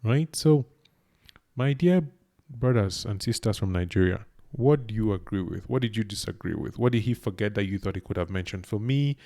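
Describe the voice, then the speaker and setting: Earnest man with a mellow voice. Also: on the low side, normal speed. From Cameroon. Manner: chatty, earnest, addresses viewers directly. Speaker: reaction channel host. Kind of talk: casual reaction commentary.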